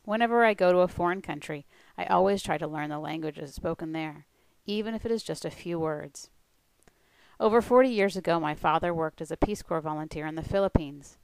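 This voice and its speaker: Woman, language coach, scripted presentation; low and a touch gravelly, dry close recording. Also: a little fast, a little mellow, dry recording, low-quality recording. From United States.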